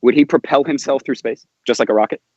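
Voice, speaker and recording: A man's voice: mid-range voice, quick pace, darkish tone, dry recording. A man in a call-in debate who asks joking, leading questions, on dull lo-fi call audio.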